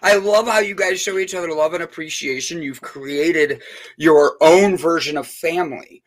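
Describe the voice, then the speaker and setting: A man's voice: fairly high pitch, moderate pace. A man hosting a casual on-air chat, playful and joking, rambling with restarts. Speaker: host.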